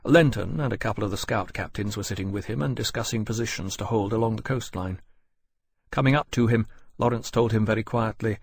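Male audiobook narrator, measured and even; husky, lowish, dry booth sound. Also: no room sound. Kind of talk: scripted narration.

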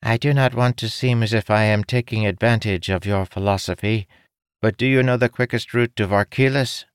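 A man's voice: fairly low pitch, steady tone, normal speed, clear, resonant tone, no room sound, clean studio sound, voice pushed up, close to an everyday voice. A man voicing a nasal, formal male winged creature with a trunk in a storybook reading. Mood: formal, grateful. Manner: stiff, formal phrasing.

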